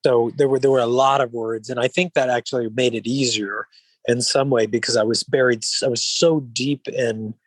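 A man speaks in a calm, even-keeled way as an interview guest, his voice sitting at a middling pitch. He wanders through his thoughts, restarting sentences and leaning on filler phrases. The sound is dry and close, with no room echo. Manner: rambling with frequent restarts and "you know". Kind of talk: relaxed interview conversation.

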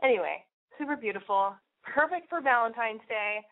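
A woman's voice: on the high side, expressive, moderate pace. A young woman hosting a call-in podcast, rambling in a brash, profane way, sniffly and nasal from a cold. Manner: crude, rambling, lots of "like" and swearing. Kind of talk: brash confessional monologue. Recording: tinny phone-like audio.

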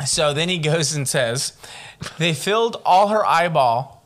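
A man's voice: on the high side, lively intonation, measured pace, fairly bright tone. A man hosting a casual podcast, reading a listener's scary story aloud and breaking off into profane jokes. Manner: profane, joking commentary. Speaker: podcast host.

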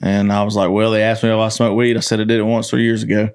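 A man's voice: fairly low pitch, quick pace, clean tone. A young man hosting a casual podcast, telling stories with lots of swearing and acting out the people he quotes. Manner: animated, swearing, acts out quoted voices. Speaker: podcast host, country singer. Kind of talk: casual storytelling chat.

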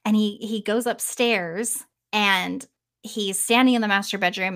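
A woman podcast host casually retelling a story in an animated way, swearing freely and trailing off now and then. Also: mid-range voice.

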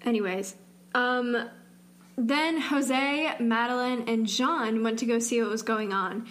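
A young woman with a slight Southern twang and a somewhat high voice co-hosts a casual true-crime chat. She talks loosely, peppering her sentences with "like" and trailing off into restarts. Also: slow. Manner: chatty, heavy use of "like", trailing restarts. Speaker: podcast co-host.

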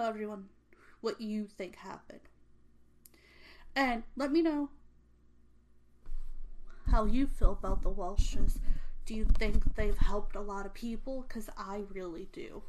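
A young woman talks through a true crime case in a loose, casual way. She is earnest and emotional, and her speech is full of "like" and "um". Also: mid-range voice. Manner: earnest and emotional, many fillers.

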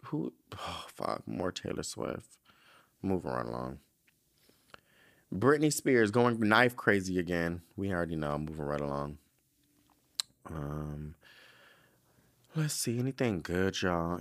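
A young male podcast host with a lowish voice that jumps all over as he talks. He reads celebrity headlines, then breaks off into sassy, campy asides in a loose, chatty way. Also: fairly bright tone. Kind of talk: casual solo commentary on celebrity news.

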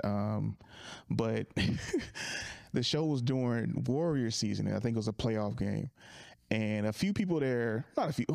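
A comedian telling a rambling story in casual chat, full of fillers and restarts. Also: male voice, on the low side, gravelly, a little mellow, no room sound, clean studio sound.

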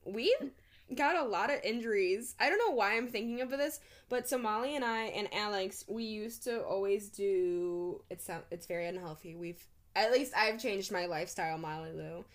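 A woman's voice: medium pitch, moderate pace. A young woman co-hosting a podcast, telling college stories bluntly with a lot of swearing and laughter. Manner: blunt and profane, laughing as she talks. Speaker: podcast co-host. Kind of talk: casual storytelling chat.

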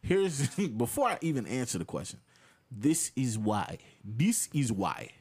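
An animated young man leads a casual podcast talk. He fires off questions, laughs easily and speaks in loose slang. His pitch swings widely from line to line. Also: unhurried, breathy edge. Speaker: podcast host. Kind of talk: casual chat.

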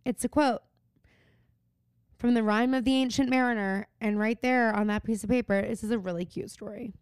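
Woman, podcast co-host, casual chat, chatty, smooth voice. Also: fairly high pitch, steady tone, moderate pace, dry recording, studio quality. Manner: chatty, acts out characters' lines with a laugh. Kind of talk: casual chat recapping a TV show.

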